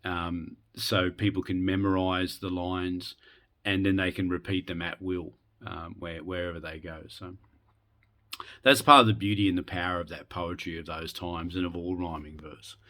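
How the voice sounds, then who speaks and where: A man teaching a relaxed, unscripted lesson on a poem, full of ums and restarts. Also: low voice, normal speed. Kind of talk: casual spoken lesson.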